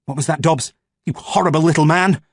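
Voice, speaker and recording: Brief: harsh army commander barking orders, high and loud, as a man puts him on. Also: brisk, no room sound, studio quality. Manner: bellowing orders.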